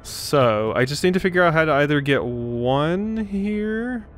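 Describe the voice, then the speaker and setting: A man's voice: a little high, expressive, measured pace, fairly bright tone, faint music behind. A man hosting a let's play, thinking aloud through a puzzle and poking fun at himself. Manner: self-deprecating, thinks aloud. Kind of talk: gaming commentary.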